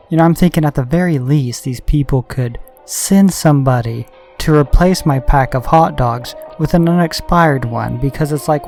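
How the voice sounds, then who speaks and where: A man's voice: a little high, a little mellow. A man doing strategy game commentary, ranting heatedly and swearing a lot. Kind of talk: gaming commentary with a profane rant.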